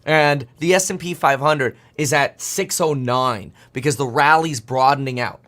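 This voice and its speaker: A man's voice: medium pitch, fairly bright tone. A man in his thirties hosting a casual live stream about markets, rambling and joking as he clicks through charts. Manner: fast, rambling, jokey, talks to himself while clicking charts. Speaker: livestream host. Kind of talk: casual market commentary livestream.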